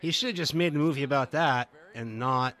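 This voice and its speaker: A man's voice: medium pitch, brisk, a bit bright. A man co-hosting a podcast, talking casually in a wry, questioning way. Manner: wry, questioning, hesitant with fillers. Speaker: podcast co-host. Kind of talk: casual chat.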